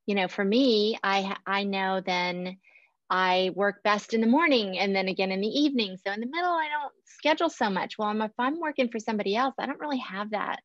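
A woman's voice: medium pitch, fairly quick, no echo. A woman hosting a podcast interview, chatting in an upbeat, talkative way and laughing often. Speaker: podcast host. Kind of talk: casual interview chat. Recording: dull lo-fi sound.

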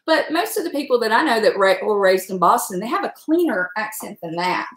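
A chatty middle-aged woman with a Southern accent from Southwestern Virginia talks casually to her viewers. She wanders from thought to thought and laughs often. Her voice sits at a middle pitch, and the room around her rings with echo. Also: big pitch swings. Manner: chatty, rambling, quick to laugh. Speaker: livestream host chatting with viewers. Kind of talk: casual chat.

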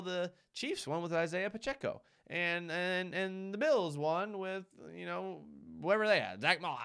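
A man hosting a live sports talk show, his voice sitting a little high and swinging widely up and down as he argues. He hammers his points with rhetorical questions and repeats himself for emphasis, then reads out viewer comments. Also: fairly bright tone.

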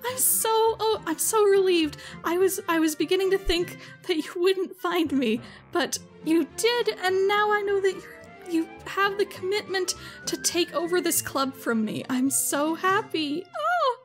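A woman voicing a bubbly, excitable teenage girl who runs a school club, gushing and breathless in a tabletop game. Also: very high-pitched, unhurried, faint music behind, pitched above the performer's own voice. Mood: overjoyed.

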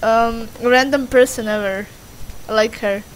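Rambling young woman, slow, music behind. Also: on the high side, fairly even intonation, slight background noise, rough recording. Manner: rambling, swearing, hesitant over words. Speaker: gameplay commentator. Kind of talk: casual game commentary.

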